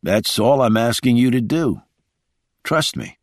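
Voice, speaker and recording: A man's voice: mid-range voice, expressive, measured pace, no room sound, clean studio sound. A man voicing a guarded, intense Englishwoman. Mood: strained. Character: adult woman, guarded and intense.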